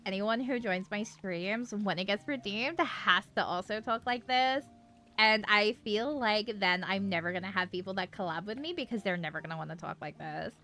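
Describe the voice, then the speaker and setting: A woman streamer chatting casually in a playful, exaggerated Valley Girl voice, full of "like" and casual swearing. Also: mid-range voice. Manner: lively and playful, swears often. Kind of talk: casual livestream chat.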